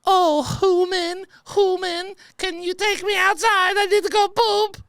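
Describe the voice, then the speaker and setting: A man voicing a needy talking dog in a high, squeaky, drawn-out plea. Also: flat delivery, creaky, a bit bright, dry recording, studio quality, heavily acted. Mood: pleading.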